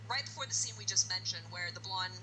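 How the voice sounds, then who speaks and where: A woman co-hosting a casual podcast chat about horror films, animated and quick to laugh, acting out movie lines. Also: on the low side, a little hiss or hum, poor audio. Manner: animated, acts out movie lines in exaggerated voices, laughs often. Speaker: podcast co-host.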